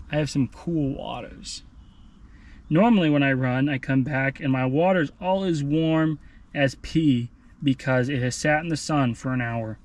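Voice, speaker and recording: A man rambling and joking casually in a running vlog, sweaty and out of breath, talking into a handheld phone outdoors. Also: on the high side. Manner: rambling, jokey, self-deprecating. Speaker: vlogger.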